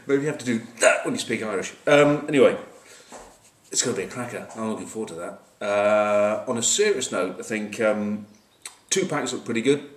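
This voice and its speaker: A man's voice: on the low side, fairly quick. A man giving a casual rugby match preview, wry and joking, with lots of fillers and asides, recorded on a camcorder at a distance. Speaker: rugby pundit. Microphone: camcorder mic at a distance. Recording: roomy, distant camcorder sound.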